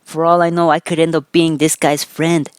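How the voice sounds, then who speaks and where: A man's voice: a little high, flat delivery, moderate pace, clean tone, no echo. A young man telling a rambling, casual story on a vlog, loose and profane, tacking "right?" onto nearly every phrase. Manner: loose and profane, with fillers and restarts. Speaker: vlogger.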